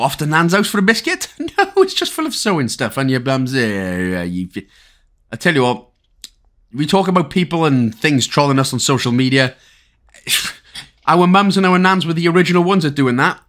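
A man's voice: a little high, sing-song, moderate pace, fairly bright tone. A Welsh man giving a chatty, casual game walkthrough, full of rambling asides and jokes. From Wales. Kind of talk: casual gameplay commentary.

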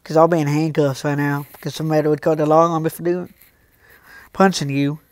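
A man's voice: on the high side, level tone, fairly quick, darkish tone, no room sound. A young man live streaming, reading and answering his chat in casual talk, scolding some viewers and joking with others. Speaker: livestreamer.

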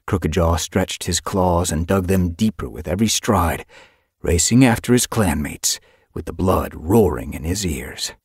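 A man's voice: sits low, measured pace, husky, no room sound, studio quality. A man narrating an audiobook in a dramatic, vivid manner.

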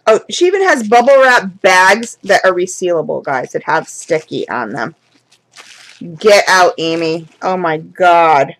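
A woman vlogging an unboxing in a casual, chatty way, gushing with excitement, calling her viewers "guys" and sounding close to tears with gratitude. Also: fairly low pitch, measured pace, poor audio. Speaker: candle and wax hobby vlogger.

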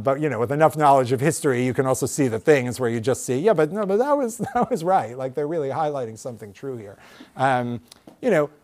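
A man speaking as a lecturing rabbi at an ordinary pitch. He talks to a live audience in a relaxed, searching way, circling back and restarting as he works through his ideas. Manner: thoughtful, hedging, many fillers and restarts. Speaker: rabbi giving a memorial lecture. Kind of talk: conversational lecture answer. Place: lecture room with in-person audience.

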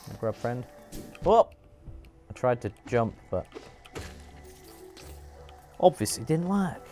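A man hosting a live game stream, chatting and reacting with animated, laugh-prone commentary. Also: mid-range voice, takes it slowly, faint music behind. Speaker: streamer host.

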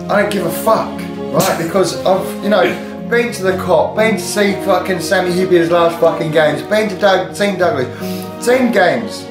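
A man's voice: high voice, moderate pace. An Australian man hosting a live football reaction, sweary, heated and blunt. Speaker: host watching football. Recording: echoey room with music behind.

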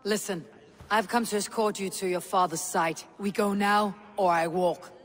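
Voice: medium pitch, fairly even intonation, moderate pace, lightly acted. An actor voicing a blunt Viking warrior. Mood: stern. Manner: blunt and commanding. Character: stern Viking warrior leader.

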